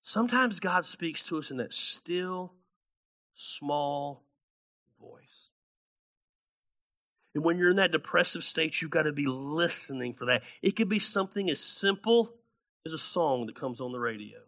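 Guy pastor preaching, bright voice, sits kinda high, gets really animated telling bible stories. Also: fairly quick. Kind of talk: sermon.

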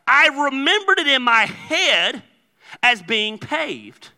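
Male pastor, storytelling sermon, bursts of shouting, long hall reverb. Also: very high-pitched, slow. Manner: joking storyteller, animated with sudden loud outbursts. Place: church sanctuary.

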